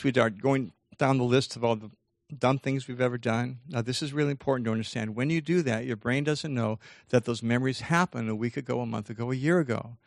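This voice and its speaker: A man delivers a motivational seminar talk in an animated manner, acting out the voices of his own inner dialogue. His voice sits at a middle pitch and is recorded close and dry, with no room sound. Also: no echo. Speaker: motivational speaker.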